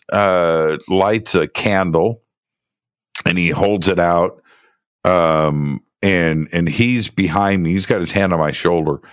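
Slow, low-voiced man with dull audio. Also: no echo. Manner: halting, repeats words and restarts often. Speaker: guest telling a travel story. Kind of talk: casual first-person storytelling.

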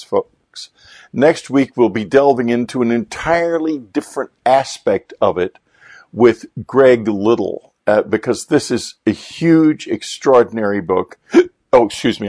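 A man's voice: on the low side, darkish tone, dry recording. Eager male radio host, dry sound. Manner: enthusiastic, promotional wrap-up. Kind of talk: radio interview hosting.

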